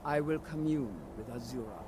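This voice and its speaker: An actor voicing a devout elf priest who speaks in a reverent, formal, chanting way in a video game. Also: male voice, mid-range voice, moderate pace, darkish tone, slight background noise, lightly acted.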